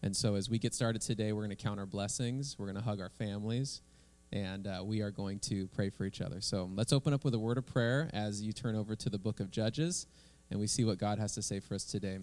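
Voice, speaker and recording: A man, a pastor, leading prayer and preaching a sermon in a relaxed, conversational way. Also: lowish voice, fairly quick.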